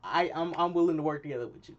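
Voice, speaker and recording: A man's voice: on the high side, very fast, muffled recording, background noise, close to an everyday voice. Young man doing a chill slangy Captain America. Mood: friendly. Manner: easygoing, slangy, respectful. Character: laid-back friendly male superhero teammate.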